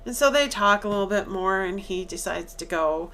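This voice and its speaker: Woman podcast co-host, mid-range voice, lively storyteller who acts out the dialogue. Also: medium pitch, moderate pace. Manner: animated, acts out quoted lines with laughs. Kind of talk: casual chat, retelling a movie.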